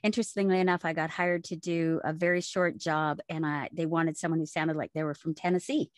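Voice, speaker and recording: A woman, chatting as a voice actor guest in an interview, lively and explaining with examples. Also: sits low, a little fast, dry recording, clean studio sound. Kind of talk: casual interview chat.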